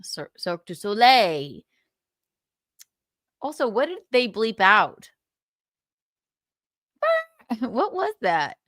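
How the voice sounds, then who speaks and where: A woman's voice: medium pitch, sing-song, very slow, long pauses, fairly bright tone, dry recording, studio quality. A woman hosting a livestream, chatting casually and giggling as she reacts to a clip. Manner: giggly, musing aloud. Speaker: livestream host.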